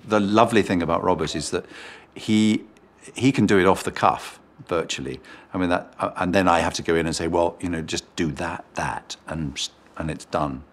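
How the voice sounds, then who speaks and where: A man's voice: deep voice, moderate pace. A British man, a dialect coach, explaining accent work thoughtfully in an interview. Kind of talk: making-of interview.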